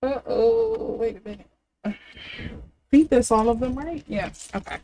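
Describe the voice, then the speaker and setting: A woman's voice: fairly high pitch, moderate pace, a little mellow. A young adult woman giving a casual tarot reading, thinking aloud with fillers and restarts. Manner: chatty, thinking aloud, with fillers and self-corrections. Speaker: tarot reader.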